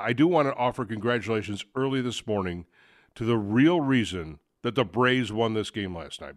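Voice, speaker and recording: A man hosts a sports talk show in a loose, conversational ramble, stumbling through restarts and filler words. His voice sits on the low side. The recording is dry, with no room sound. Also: no room sound. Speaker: sports radio host.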